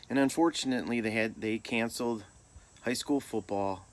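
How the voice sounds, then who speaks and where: A man's voice: medium pitch, normal speed. A middle-aged man from Michigan telling a personal story in a laid-back, self-deprecating way. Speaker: storyteller vlogger. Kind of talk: casual storytelling.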